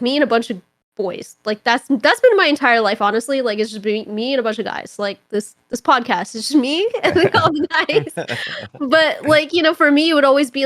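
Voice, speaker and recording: A young woman from Toronto, Canada, appears as a podcast guest, telling stories in a casual chat. Her voice is on the high side, and she's animated and rambling, using filler words constantly. The recording is dry.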